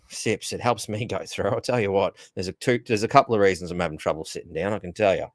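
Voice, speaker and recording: An Australian man hosts a casual solo podcast, rambling along, stammering over repeated words and chuckling at his own jokes. His voice is low-pitched and brisk, and the recording is dry.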